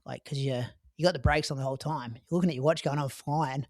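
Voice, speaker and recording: Speaking fast with fairly even intonation, a high-voiced Australian man rambles through a marathon story on a running podcast, leaning heavily on fillers. The sound is dry and clean, like a studio recording.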